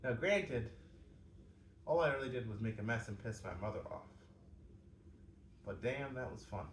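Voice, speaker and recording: A man's voice: medium pitch, lively intonation, normal speed. A young man vlogging his home workout, chatty and joking to himself between exercises. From Canada. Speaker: fitness vlogger. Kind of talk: casual workout vlog. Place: home room at night. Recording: roomy distant mic with faint background hum.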